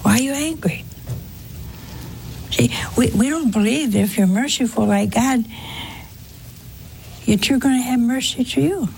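A woman's voice: a little high, moderate pace, vocal fry, pauses often, darkish tone, slight background noise. A woman preaching a sermon in a conversational way, asking rhetorical questions and acting out quoted exchanges.

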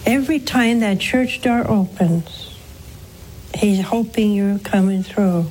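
Slow-speaking nun preaching to callers. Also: female voice, on the high side, dark tone, slight background noise, rough recording. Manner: earnest, coaxing, asks the listener questions. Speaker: nun hosting a call-in show.

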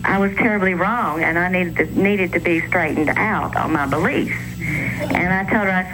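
A woman's voice: lowish voice, moderate pace. Woman caller over a hissy phone line. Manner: plain, earnest retelling of a dispute. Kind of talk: phone-in account. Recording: phone line with clear hiss.

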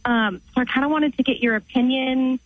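A woman's voice: high-pitched, brisk, no room sound. A cheerful young woman calling in to a radio show and asking for advice. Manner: upbeat, friendly. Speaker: caller. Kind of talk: phone call to a radio show. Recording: dull phone line.

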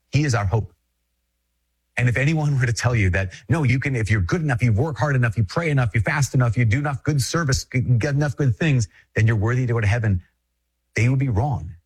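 A Catholic priest from Minnesota giving a conversational, emphatic reflection, repeating phrases and chuckling often. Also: male voice, mid-range voice, husky. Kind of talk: spoken reflection to an audience.

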